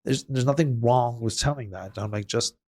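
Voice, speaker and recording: A man's voice: mid-range voice, normal speed, a little mellow. A middle-aged man in casual podcast conversation, talking in an earnest, emotional, rambling way. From Canada. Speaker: podcast host.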